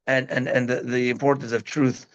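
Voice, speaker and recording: This rabbi's voice is medium-pitched and moderately paced as he teaches a parenting class. His manner is casual and animated, and he keeps checking in with the listeners. The sound quality is dull and lo-fi.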